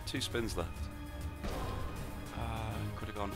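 Loud music sits under a fairly low-pitched male voice that moves slowly with long pauses. A British-accented slot streamer, he mutters between outbursts as he gives casual, sarcastic, foul-mouthed commentary on his own spins.

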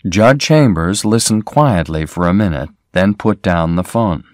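A man reads a graded story aloud for learners, slow and clear. His pitch moves in a lively way, and the recording is very dry and close. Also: dry recording. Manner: slow, clear, plain reading. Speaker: story reader. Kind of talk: scripted narration of a graded reader.

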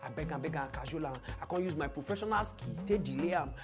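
A woman with a Nigerian Pidgin accent, hosting a podcast and telling an event story with hushed asides and loud outbursts. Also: low-pitched, fast, loud music behind the voice. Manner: animated, swings from hushed asides to loud exclaims. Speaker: podcast host.

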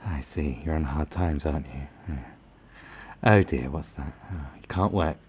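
Man doing condescending British official, low gravelly voice, syrupy reassurance, controlling. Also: measured pace, a little mellow, slight background noise. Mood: patronizing. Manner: soothing, condescending, falsely caring. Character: smooth patronizing male government official, controlling.

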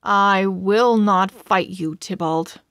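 A woman's voice: mid-range voice, takes it slowly, a bit bright, clean tone, no echo, studio quality. A woman voicing an earnest, lovestruck young man in a storybook read-aloud, with a pleading delivery.

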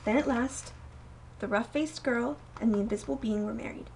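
A young woman reading a picture book aloud at home, gentle and expressive, softening her voice for quieter moments. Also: on the high side, moderate pace, creaky, recorded from a distance, a little hiss or hum, rough recording. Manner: gentle, expressive read-aloud with soft dips for quoted lines. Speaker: storybook reader.

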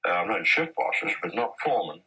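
A man with a deep, husky voice recalls his old mining days in a measured, anecdotal way. His tone is bright and forceful despite the low pitch. It sounds like a 1970s archive interview. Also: very animated, poor audio. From Australia. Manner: measured, anecdotal, with occasional restarts. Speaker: interviewee, former mine boss. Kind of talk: reminiscing storytelling in an interview.

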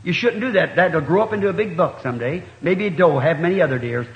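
Folksy high-voiced preacher on echoey old tape. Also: male voice, expressive, fast talker, dull audio. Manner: folksy storytelling sermon, acts out dialogue. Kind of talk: sermon. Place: church hall.

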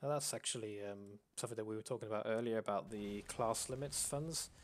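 Man explaining rules in a monotone. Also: on the low side, fairly quick, slight background noise. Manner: calls his own voice monotone, many fillers and restarts. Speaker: host. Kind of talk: casual live-stream explainer.

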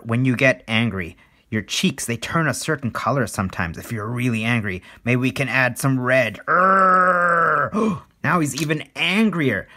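Playful man teaching kids to draw. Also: mid-range voice. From Canada. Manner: animated, with gasps and sound effects. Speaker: children's drawing coach. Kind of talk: playful kids' drawing lesson. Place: indoors at an art desk.

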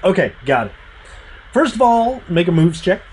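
Animated man narrating a tabletop game. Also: high-pitched, normal speed, a little hiss or hum, rough recording. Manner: animated storytelling with sound effects. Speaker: game master.

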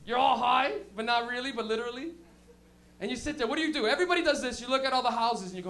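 A young man with a very high, bright voice works a comedy club stage. He tells stories loosely and crudely, full of slang, in an animated stand-up manner. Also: very fast.

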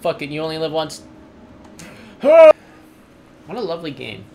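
Young man, game commentary, sarcastic, fairly high voice, noisy recording. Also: very fast, vocal fry. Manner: swearing, excitable, sarcastic. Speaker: gameplay streamer. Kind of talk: gameplay commentary.

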